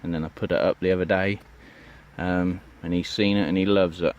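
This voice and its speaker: Speaking a little fast in a low, steady voice, a man gives a meandering outdoor tour of his allotment for a casual vlog, peppered with ums, asides and "you know what I mean." The highs on the recording are cut off.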